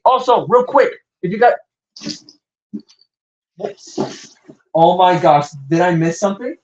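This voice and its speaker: A young man with a slight Latin American Spanish accent, hosting a live toy unboxing stream and gushing with excitement. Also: dull audio. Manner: excitable, gushing, wide pitch jumps.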